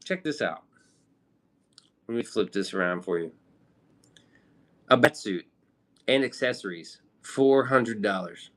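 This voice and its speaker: A man's voice: fairly low pitch, animated, a little slow, pauses often, a bit bright. A man from the Midwest chatting casually on a live stream, rambling with loose slang and casual swearing. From American Midwest.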